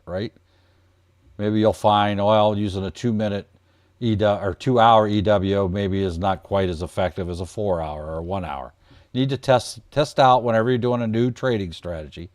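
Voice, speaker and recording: A man's voice: lowish voice, darkish tone, no room sound, clean studio sound. A man from Ohio hosting a casual trading livestream, folksy and joking, calling himself plain redneck. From Ohio, United States. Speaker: trading coach host.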